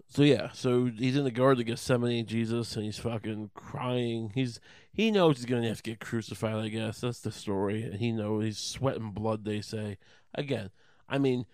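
A man's voice: medium pitch, dry recording, studio quality. A man rambling through a profane, sarcastic comedic monologue, full of restarts and asides.

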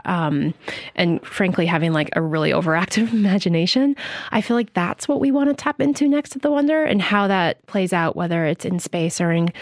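A woman who co-founded a company, talking as a podcast guest in an animated, filler-heavy way. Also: on the low side, no echo, studio quality. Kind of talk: casual podcast interview.

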